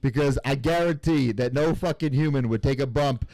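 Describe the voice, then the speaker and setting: A man's voice: medium pitch, normal speed, vocal fry, warm tone, no echo. Guy in his 30s, wrestler guest, blunt and sweary, dry close sound. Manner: blunt, profane. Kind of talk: casual interview chat.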